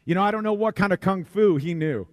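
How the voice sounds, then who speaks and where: A man's voice: high-pitched, fast talker, no room sound, clean studio sound. Folksy, conversational male preacher. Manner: conversational, repeats words, folksy humor. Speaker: pastor. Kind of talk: sermon.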